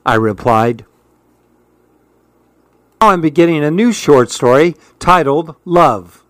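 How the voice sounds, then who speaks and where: A man's voice: fairly high pitch, expressive, measured pace, pauses often, a bit bright, dry recording. Man reading a story, dry and close. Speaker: narrator. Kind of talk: audiobook narration.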